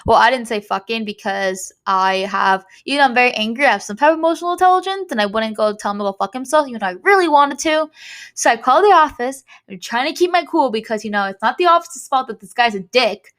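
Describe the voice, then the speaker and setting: A woman's voice: fairly high pitch, animated, quick pace, a bit bright. A woman hosting a podcast, telling a personal story in a heated, blunt way, swearing freely and retelling dialogue back and forth. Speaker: podcast host.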